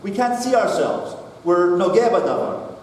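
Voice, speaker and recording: A man's voice: sits high, normal speed, slight background noise. Man preaching in an echoey hall. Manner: animated storyteller, acts out dialogue. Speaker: rabbi giving a talk. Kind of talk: storytelling talk to a congregation. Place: synagogue hall. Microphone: distant mic, far from the speaker. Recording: echoey hall recorded from far off.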